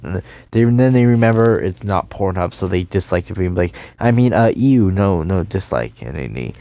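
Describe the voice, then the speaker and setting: Tired, gravelly-voiced young man rambling. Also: on the low side, dark tone. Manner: rambling, meandering, sarcastic. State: tired, yawning. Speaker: YouTuber. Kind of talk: rambling solo vlog rant.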